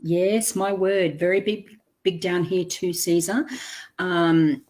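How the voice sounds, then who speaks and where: Woman, interview host, sympathetic, low voice, unhurried, video call. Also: fairly even intonation, a little mellow. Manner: sympathetic, with frequent murmured agreement.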